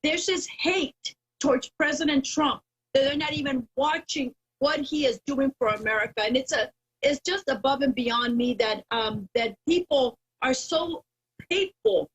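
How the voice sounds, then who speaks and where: A woman's voice: sits high, normal speed, poor audio. A woman with a Mexican Spanish accent, Spanish her first language, speaking as a guest in a casual interview, emphatic and proud, repeating her key phrases. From Texas border town, first generation Mexican. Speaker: guest, political activist.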